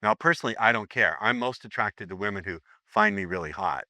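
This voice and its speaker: A man's voice: lowish voice, fairly quick, bright, forceful tone, dry recording. A man teaching a seminar, telling a story in a chatty, playful way and acting out the dialogue. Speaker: seminar instructor. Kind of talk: storytelling to a live seminar audience.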